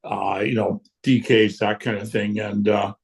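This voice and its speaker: A man, a guest telling stories in casual chat, lively and blunt, acting out what people said and swearing freely. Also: fairly low pitch, unhurried, gravelly. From Canada. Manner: lively storyteller who acts out quotes and swears freely. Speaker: guest punk musician. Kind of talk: casual storytelling.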